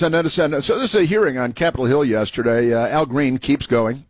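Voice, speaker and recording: A male talk host delivers sharp, mocking political commentary full of fillers. His voice sits at an ordinary middle pitch. It is recorded close and dry, with no room sound. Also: a little fast, no echo. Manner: combative, mocking, many fillers. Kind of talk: political commentary over played clips.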